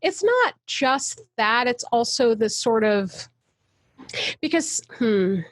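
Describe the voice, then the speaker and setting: A woman's voice: fairly high pitch, sing-song, slow pace, dry recording, studio quality. A woman, a guest actor, talking passionately and emphatically in a casual interview over a video call. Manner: passionate, emphatic, soapbox ranting.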